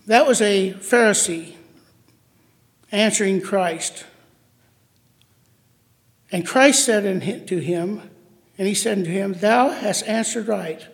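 High-voiced man preaching in an echoey hall. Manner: halting, with restarts and self-corrections. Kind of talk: sermon. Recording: long hall reverb.

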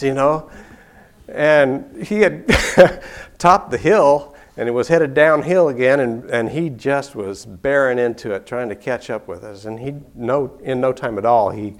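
Older man telling a story with chuckles. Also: mid-range voice. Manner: easygoing, chuckling, frequent restarts. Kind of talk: personal storytelling.

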